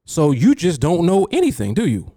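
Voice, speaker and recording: A man's voice: a little high, wildly swooping pitch, moderate pace, warm tone, dry recording, clean studio sound. A man with a New York accent hosting a solo podcast, lecturing in a preachy way and throwing out rhetorical questions. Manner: preachy, rhetorical, keeps asking "you see?". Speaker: podcast host and trading coach.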